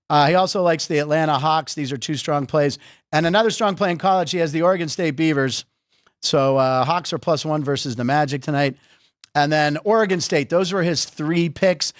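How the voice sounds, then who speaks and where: A man hosting a casual sports talk show, joking and bantering with quick stammered restarts. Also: fairly high pitch, dry recording, clean studio sound. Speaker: host.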